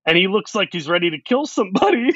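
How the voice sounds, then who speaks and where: A man telling animated anecdotes as a guest in an interview, acting out what people said to him. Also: high-pitched, fast talker, slightly rough, no room sound, highs cut off. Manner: animated anecdotes with quoted asides. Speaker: actor guest. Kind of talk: storytelling interview.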